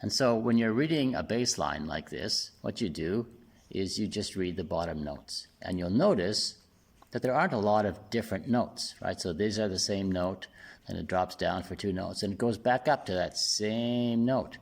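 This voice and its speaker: A man giving a casual singing lesson, explaining step by step and often checking in with "right?" while playing a bass guitar. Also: moderate pace, creaky. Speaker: singing teacher.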